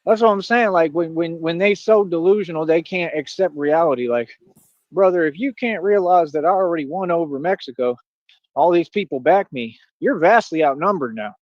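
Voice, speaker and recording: A man's voice: fairly high pitch, moderate pace, no echo, highs cut off. A man giving a boastful, confrontational livestream rant, full of challenges to his critics. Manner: boastful, confrontational, repeats "what are you talking about". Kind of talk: ranting livestream monologue.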